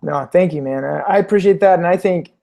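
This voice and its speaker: Friendly, somewhat high-voiced man co-hosting. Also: a little fast, vocal fry, dark tone. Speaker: co-host. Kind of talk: casual live show chat.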